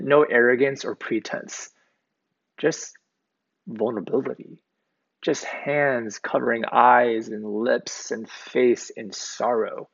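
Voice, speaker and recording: Male pastor, measured sermon delivery with a gravelly edge; muffled, lo-fi sound. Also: mid-range voice. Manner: deliberate, emphatic repetition of key words. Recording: dull, lo-fi recording.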